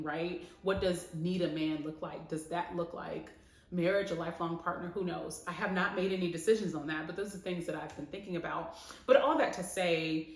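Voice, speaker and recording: Animated woman in an echoey room. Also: fairly low pitch. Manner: candid and animated, laughs often, emphatic repetition. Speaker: vlogger. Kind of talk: reflective vlog talk to camera.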